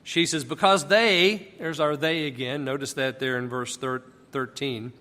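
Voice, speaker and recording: A man's voice: mid-range voice, fairly even intonation, moderate pace, a bit bright, in a large hall. A man teaching a Bible passage in a folksy, conversational and emphatic way.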